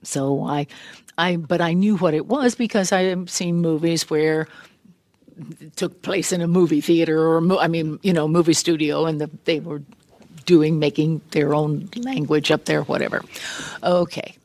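An older woman tells a story in a lively, animated way and acts out the lines of the people in it. Her voice sounds a little harried, and the dry recording has almost no room echo. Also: low voice, moderate pace. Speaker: guest actress. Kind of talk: casual storytelling interview. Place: large room used as a podcast studio.

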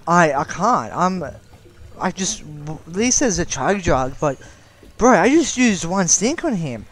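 A young man giving live gameplay commentary as a gaming channel host, excitable and exasperated, pleading in bursts. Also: high voice, slow.

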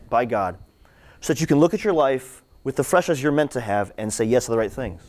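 A young man giving a conversational sermon-style talk to students, animated and repeating phrases for emphasis. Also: mid-range voice, brisk. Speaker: campus ministry speaker.

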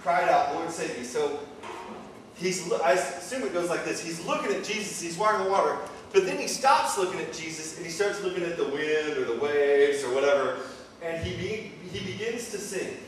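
A man's voice: fairly high pitch, lively intonation, normal speed. Guy giving a chatty sermon, lots of okays, mic far off, super echoey room. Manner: casual, chatty retelling with asides and okays. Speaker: preacher. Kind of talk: informal sermon. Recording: very echoey, distant mic, faint noise.

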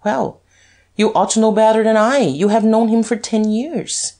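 A man's voice: high voice, very animated, normal speed, darkish tone, breathy edge, voice pushed up, exaggerated voice. A man reading aloud, voicing a careless, airy young duke in a raised voice. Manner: airy, drawling, easily surprised. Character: Duke, careless young aristocrat, lightly mocking.

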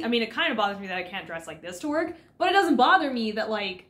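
A woman co-hosting a casual comic reaction chat, animated and sarcastic, often acting out characters' lines. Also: a little high, quick pace. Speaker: co-host.

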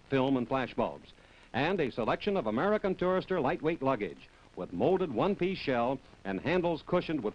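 A man announcing for a 1960s TV show, selling the prizes with a lively, bouncing pitch and a smooth, polished pitchman delivery. The sound is dull and lo-fi, like an old broadcast. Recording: dull vintage TV audio.

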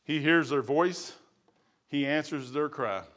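A middle-aged man preaching a sermon as pastor in a church, swinging from quiet musing to loud fervent testimony. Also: a little high, slow. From United States. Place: church sanctuary.

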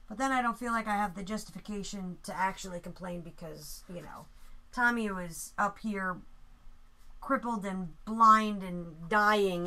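A woman's voice: medium pitch, measured pace, pushed and bright. A woman artist chatting casually with viewers on a live stream while she paints at home. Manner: chatty, talks to viewers and her dog.

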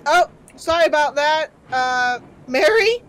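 A woman streams herself playing a horror game, giving chatty, reactive let's play commentary full of jokes and swearing. Her voice is a little high and animated, at a moderate pace.

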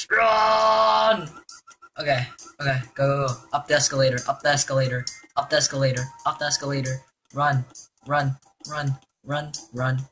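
A young man giving excitable, jokey commentary while playing a video game. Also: medium pitch. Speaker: gaming YouTuber. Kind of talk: gameplay commentary.

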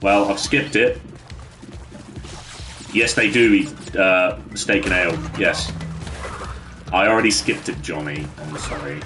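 A man's voice: deep voice, measured pace, pauses often, over music. A man chatting casually with his viewers while streaming a game from his bedroom, laughing often and bantering with the chat.

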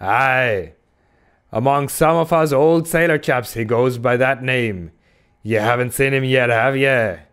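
A man voicing a ragged old sailor prophet who speaks with earnest, dark insistence in old-salt dialect, in an audiobook reading. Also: mid-range voice, measured pace, smooth, voice pushed up, natural voice. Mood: ominous. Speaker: audiobook reader.

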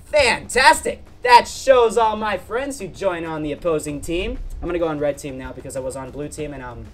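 A young man giving excitable gameplay commentary, jumping between muttering to himself and shouting, and often saying "freaking". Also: on the high side, moderate pace. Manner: peppers speech with "freaking". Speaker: gaming channel host.

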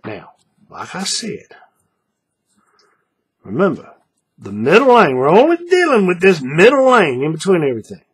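A folksy man walks viewers through a hands-on craft tutorial, repeating each step and often checking they are following. His voice is very husky and rough, and it swings lively up and down as he explains. He sits at a desk with the camera mic nearby. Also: sits high, moderate pace, long pauses. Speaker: paracord craft instructor.

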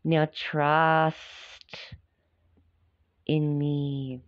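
A woman voicing a sly, hungry male snake who speaks slowly and coaxingly in a storybook reading. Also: low voice, flat delivery. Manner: slow, coaxing, hissing. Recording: dull, dry lo-fi recording.

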